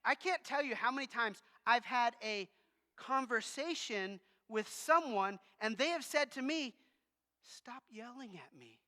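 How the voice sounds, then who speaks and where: A man preaching a sermon to his congregation, a loud talker who speaks in an animated, conversational way. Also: extremely high pitch, a little slow. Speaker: pastor. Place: church sanctuary with congregation. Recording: long reverb of a large church hall.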